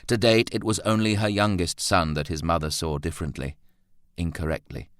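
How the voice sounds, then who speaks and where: Low-pitched male audiobook narrator, dry and close. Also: steady tone, brisk, clean tone, dry recording. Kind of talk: scripted narration.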